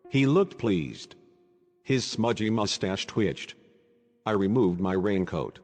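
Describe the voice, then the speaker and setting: A man narrating a literary audiobook in a measured, ironic manner. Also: fairly low pitch, lively intonation, a little mellow, big-room sound.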